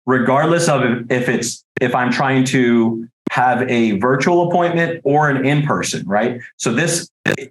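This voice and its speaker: A man coaches new insurance agents in a direct, repetitive way, checking in with his listeners again and again. His voice sits at a middle pitch. The recording has a noticeable roomy echo. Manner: direct and coaching, repeats "okay?" and "right?". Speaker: life insurance sales trainer. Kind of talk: training talk to sales agents.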